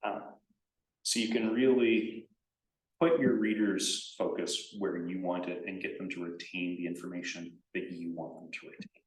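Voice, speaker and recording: A man giving a conference writing workshop in a casual, animated way, acting out example sentences. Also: sits low, normal speed. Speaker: workshop presenter. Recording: echoey room, distant from mic.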